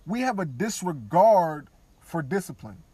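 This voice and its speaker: A man podcasting, talking candidly and casually, now and then dropping into quiet mock voices of others. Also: on the high side, big pitch swings, unhurried, husky, no room sound. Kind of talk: casual opinion talk.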